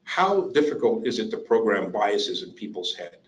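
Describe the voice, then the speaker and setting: A man presenting an interactive workshop, animated and coaxing the audience to join in. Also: fairly low pitch, moderate pace, rough recording. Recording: online webinar.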